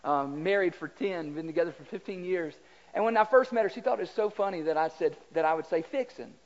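A man's voice: sits high, quick pace. A man with a Southern US accent preaching a conversational sermon in a church, chatty and folksy, quizzing the congregation and repeating words. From Southern United States. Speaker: pastor. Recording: slightly dull lo-fi sound.

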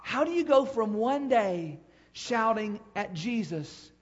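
Preaching slowly in a very high, husky voice, a pastor uses a sing-song cadence that climbs and drops, repeating phrases to hammer them in. The sound is muffled and lo-fi.

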